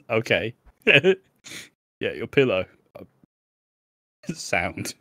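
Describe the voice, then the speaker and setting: A man's voice: on the low side, sing-song, extremely slow, long pauses, pushed and bright, no room sound, clean studio sound. A young English man co-hosting a podcast, telling a story in casual, sweary chat with frequent laughs. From England. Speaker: podcast co-host.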